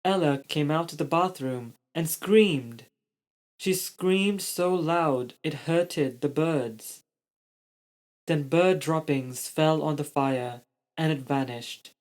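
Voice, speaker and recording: A storyteller reading a children's story aloud in a slow, steady manner. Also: mid-range voice.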